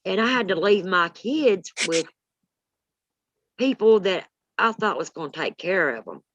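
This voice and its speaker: A woman's voice: medium pitch, measured pace, dry recording, muffled recording. A woman, telling a story in blunt, salty casual chat. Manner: blunt, salty, animated retelling.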